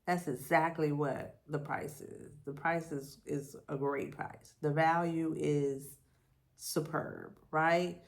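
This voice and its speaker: Slow, low-voiced woman reading tarot. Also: steady tone, vocal fry. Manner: slow, repetitive, affirmation-style. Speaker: tarot reader. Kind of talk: spiritual tarot reading monologue.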